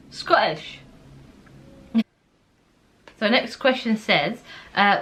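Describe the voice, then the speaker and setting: A woman's voice: medium pitch, a bit bright. Chatty, incredulous woman vlogger. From Netherlands. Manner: chatty and incredulous, thinks aloud and reads questions out. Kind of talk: casual chat while taking an online quiz.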